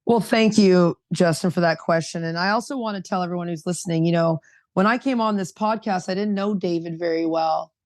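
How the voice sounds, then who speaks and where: A woman's voice: fairly low pitch, a little fast, darkish tone, no room sound. A woman on a recovery podcast panel speaking emphatically and directly, with a preachy edge.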